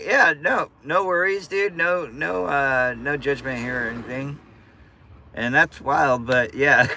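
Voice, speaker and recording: Brief: relaxed male streamer, easygoing slangy chat, slow delivery, bright tone. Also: mid-range voice, a little hiss or hum. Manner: laid-back, chatty, slang-heavy. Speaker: live streamer. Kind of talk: casual live-stream chat.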